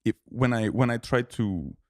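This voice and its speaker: A man's voice: medium pitch, moderate pace, dry recording, studio quality. A man, co-hosting a podcast in casual chat, hesitant with frequent restarts. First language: Portuguese. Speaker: podcast co-host.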